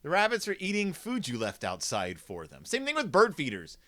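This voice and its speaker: A man's voice: a little high, huge pitch swings, normal speed, fairly bright tone. A man hosting a comedic review of a children's book, talking in a snarky, rambling way.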